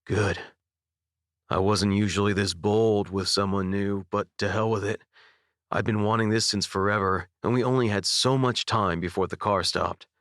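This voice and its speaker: A young man narrating a first-person audiobook with intimate, expressive storytelling. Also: fairly low pitch, normal speed, no room sound, clean studio sound. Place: dry recording booth. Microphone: studio microphone.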